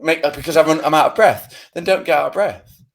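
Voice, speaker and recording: Animated, swearing British man on a podcast. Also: on the high side, brisk, vocal fry. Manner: animated, swearing, self-mocking rant. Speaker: podcast co-host. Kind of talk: casual podcast chat.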